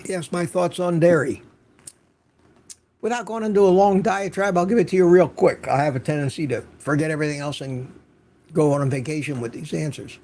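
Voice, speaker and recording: An older man hosting a live online show in a relaxed, chatty way, his fairly high voice edged with gravelly fry. He greets viewers one after another and doubles up words when he wants to stress something. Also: fairly quick. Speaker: host. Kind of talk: casual livestream chat.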